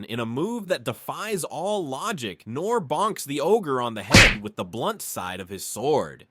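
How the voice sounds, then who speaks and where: Male narrator for a comic anime recap: wry, jokey, animated delivery, dry booth sound. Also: a little high, dry recording.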